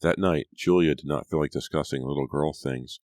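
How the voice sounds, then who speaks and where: Very deep male audiobook narrator. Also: normal speed, darkish tone, dry recording, studio quality. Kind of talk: scripted narration.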